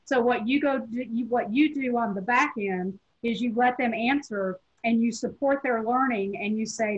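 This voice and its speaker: Southern woman, Tennessee-raised, teacher educator lecturing on a webinar; husky, measured delivery, muffled lo-fi call audio. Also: a little high. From Tennessee, USA. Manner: measured, explanatory, addresses teachers directly.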